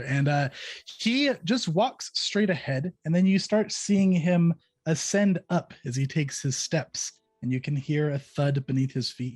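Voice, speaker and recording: A man's voice: medium pitch, no echo. A man narrating as game master of a tabletop game in a casual way, with many fillers.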